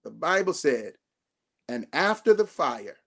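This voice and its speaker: Man, bishop preaching, high voice, call-and-response, hushed to shouting. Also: very animated, unhurried, creaky. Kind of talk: sermon.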